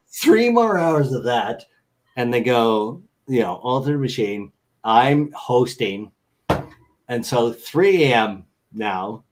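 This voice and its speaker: A middle-aged man telling a story in an interview, animated and acting out other people's voices. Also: mid-range voice, low-quality recording. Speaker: guest. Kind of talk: storytelling anecdote.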